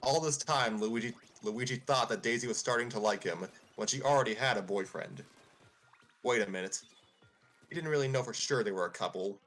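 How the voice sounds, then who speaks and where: A man's voice: mid-range voice, fairly quick, a bit bright, soft background music. A man hosting a live stream, narrating a comedic story in a chatty manner.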